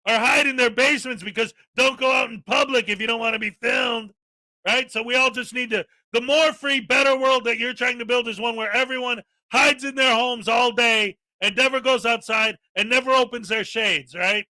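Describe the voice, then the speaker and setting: A man's voice: very high-pitched, steady tone, moderate pace, pushed and bright, dry recording. A man hosting a daily live-stream, ranting with indignant sarcasm. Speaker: live-stream commentary host.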